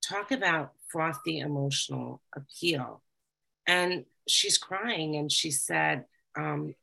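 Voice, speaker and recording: A woman's voice: deep voice, slow pace, gravelly, sharp tone. A woman giving candid personal testimony to a group, talking conversationally with frequent fillers. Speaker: recovery group speaker.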